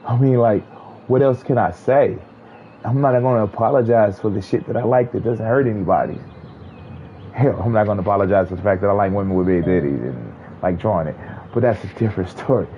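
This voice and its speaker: A man's voice: lowish voice, brisk, muffled recording, slight background noise. A man streaming a game while he rants in casual commentary, blunt, heated and full of swearing.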